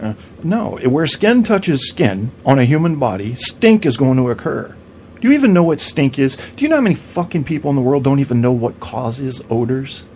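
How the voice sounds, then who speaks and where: A man's voice: mid-range voice, sing-song, fairly quick, darkish tone, a little hiss or hum. A man hosting a podcast in a crude, rambling comedic rant, swearing and stammering through restarts. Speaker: podcast host.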